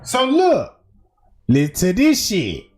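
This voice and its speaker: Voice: medium pitch, slow pace. A streamer giving casual, emphatic and profane commentary over video footage. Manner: animated, emphatic, slangy and profane.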